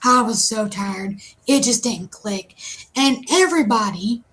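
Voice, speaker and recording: Animated woman telling a funny story. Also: fairly high pitch, unhurried, rough recording. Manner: animated, self-mocking storyteller. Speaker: co-host. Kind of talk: casual storytelling on a live stream.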